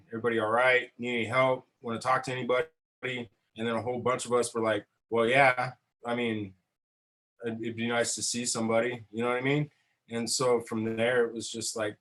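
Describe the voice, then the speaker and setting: A man, a veterans council member talking casually at a roundtable, energetic, swearing and laughing often. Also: medium pitch, low-quality recording.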